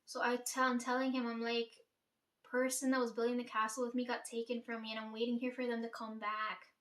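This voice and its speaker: A woman's voice: a little high, level tone, fairly quick, a bit bright. Rambling woman in an echoey room. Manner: rambling, profane, many "like" and "right?". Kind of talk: casual dream retelling. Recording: echoey room, voice far from mic.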